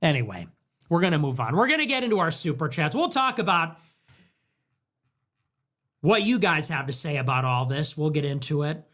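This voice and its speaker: Man, livestream host, ranting, repetitive, strained voice, high pitch. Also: sing-song, moderate pace, long pauses, a bit bright. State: voice straining after hours live. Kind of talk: heated livestream monologue.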